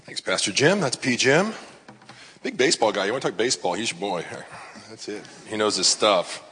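A man's voice: lowish voice, animated, brisk, pushed and bright, big-room sound, slight background noise. A man, a pastor, preaching in a casual, conversational way with frequent fillers and asides. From Southern California. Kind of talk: sermon.

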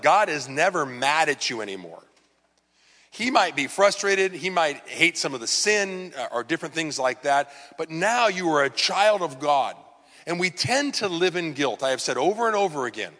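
A man's voice: a little high, sharp tone, in a large hall. A man preaching a sermon in a conversational, earnest way, often acting out the words of the people he talks about. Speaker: pastor.

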